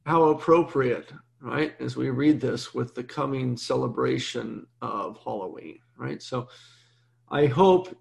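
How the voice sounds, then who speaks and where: Gravelly-voiced priest preaching casually. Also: male voice, medium pitch, takes it slowly, darkish tone. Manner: conversational, frequent "okay?" check-ins. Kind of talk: sermon, Bible teaching.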